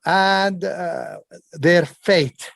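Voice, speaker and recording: An interpreter talks slowly and carefully, with a lot of "uh"s. His voice sits a little high for a man. The recording is dry and close, with no room sound. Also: big pitch swings, creaky, a bit bright, no room sound. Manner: measured, hesitant, many fillers. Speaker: interpreter discussing Arabic text. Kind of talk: conversational language breakdown.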